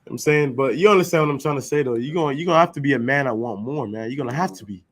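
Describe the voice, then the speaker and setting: A man leads an informal scripture class in a loose, slangy way. He presses his points with rhetorical questions and keeps checking that his listeners follow him. His voice sits in an ordinary middle pitch. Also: racing, fairly bright tone. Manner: emphatic, rhetorical questions, slangy, keeps asking "you know what I'm saying". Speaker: class teacher.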